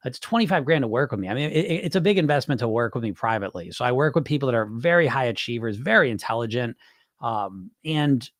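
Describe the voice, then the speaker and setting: A candid, conversational man hosting a live chat and answering viewers, with a voice pitched right in the middle for a man. He swears freely and circles back over his own phrases as he talks. The sound is dry, with no room echo. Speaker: weight-loss hypnosis coach hosting a live Q&A.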